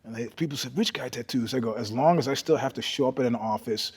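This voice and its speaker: A middle-aged man, a podcast guest, telling stories in a husky voice, swinging from loud bursts to hushed asides. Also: medium pitch, quick pace. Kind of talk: storytelling in casual conversation. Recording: long reverb.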